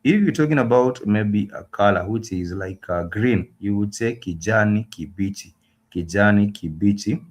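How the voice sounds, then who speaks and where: A man teaching Swahili words in a livestreamed lesson, patient and repetitive, pausing often with filler sounds. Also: on the low side.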